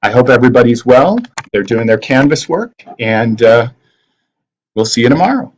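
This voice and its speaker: A man's voice: medium pitch, normal speed, rough recording. Man teacher reading a novel aloud. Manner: expressive read-aloud narration.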